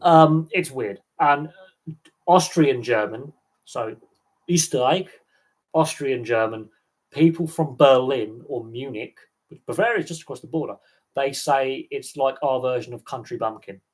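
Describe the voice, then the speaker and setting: A man from England hosting a live stream, chatting casually in a rambling, animated way. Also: medium pitch, a little slow. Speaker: host.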